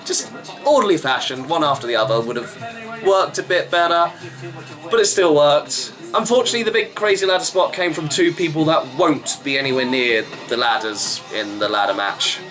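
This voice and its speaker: A man's voice: a little high, lively intonation, normal speed, a bit bright, faint music behind, rough recording. A man giving a chatty, wry running review of a wrestling show, rambling with fillers. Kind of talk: casual vlog review.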